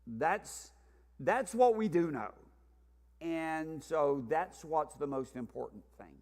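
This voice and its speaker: A man with a fairly high voice teaches a Sunday Bible class in an earnest lecturing way, repeating his main points as he goes. The sound carries a long reverb from the church hall he speaks in. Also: lively intonation, slow pace, a little mellow.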